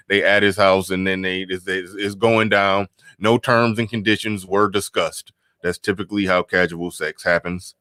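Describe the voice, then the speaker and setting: Deep-voiced man, loose commentary. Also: a bit bright, no echo, clean studio sound. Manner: conversational, repeats phrases, laughs between points. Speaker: live stream host. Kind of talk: casual live-stream commentary reading chat.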